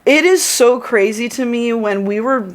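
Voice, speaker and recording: Bubbly woman with a higher voice. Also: moderate pace, a little hiss or hum. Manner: bubbly, effusive thanks with laughter. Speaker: convention staff host. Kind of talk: casual livestream closing remarks.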